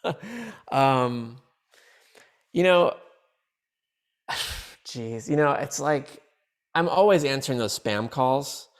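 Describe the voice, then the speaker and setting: Gravelly man chatting playfully. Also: medium pitch, expressive, takes it slowly, long pauses. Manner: playful, rambling, laughs often. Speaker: comedian guest. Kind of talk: casual podcast chat.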